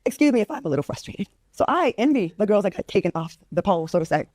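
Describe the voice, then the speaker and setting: A woman's voice: mid-range voice, sing-song, fast talker, a little mellow, no echo. A woman, venting with exasperated, profane comic rants. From Rhode Island. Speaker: talk show guest. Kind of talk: venting in a conversation.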